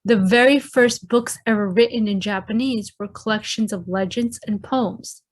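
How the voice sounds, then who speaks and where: A woman teacher giving a recorded lesson to children, explaining clearly and addressing them directly. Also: medium pitch, moderate pace.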